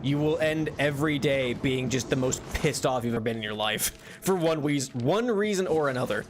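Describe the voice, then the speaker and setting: During a casual live stream, a man with an animated mid-range voice talks at normal speed, rambling with many fillers and restarts. He laughs frequently and yelps loudly at in-game mishaps, against a noisy background and game music.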